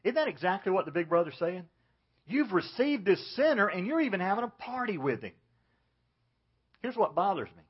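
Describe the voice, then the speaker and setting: A pastor preaching an earnest sermon, dropping low and soft to stress his points. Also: big pitch swings, normal speed, long pauses, slightly rough, highs cut off.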